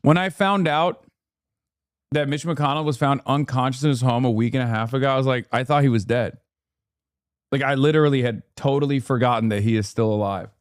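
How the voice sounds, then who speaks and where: A man's voice: medium pitch, brisk, clear, resonant tone, no room sound, studio quality. A man from the United States hosting a livestream, giving casual, sarcastic commentary in an offhand way. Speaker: livestream host and political commentator.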